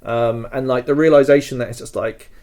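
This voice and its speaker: A man's voice: mid-range voice, fairly even intonation, a little fast, darkish tone. A man co-hosting a podcast, telling a story in a rambling, emotional way with many fillers. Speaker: podcast co-host.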